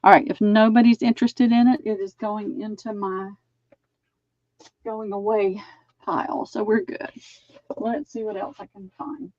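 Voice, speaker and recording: A woman's voice: mid-range voice, level tone, unhurried, pauses often, a little mellow, dry recording, muffled recording. A woman hosting a live online sale, chatting as she measures and describes items. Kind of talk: live-streamed sale pitch.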